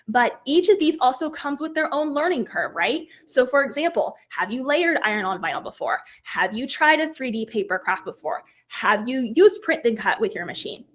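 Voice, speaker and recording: Middle-aged woman, crafting host, bubbly and self-deprecating, a touch hoarse, pitch a bit high. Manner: chatty, upbeat, self-deprecating. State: slightly hoarse, losing her voice. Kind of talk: live craft tutorial.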